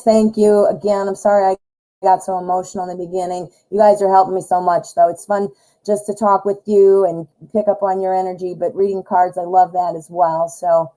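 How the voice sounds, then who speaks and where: A woman's voice: fairly low pitch, poor audio. Chatty woman hosting a tarot livestream. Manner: chatty, animated, greets viewers by name. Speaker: tarot reader hosting a live stream. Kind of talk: casual live-stream chat.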